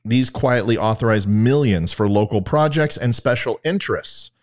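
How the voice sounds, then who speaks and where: A man's voice: medium pitch, normal speed, a little mellow. A man hosting his own political talk podcast, speaking to listeners in a combative, conversational way. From Louisiana. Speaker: podcast host. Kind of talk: opinionated political talk show.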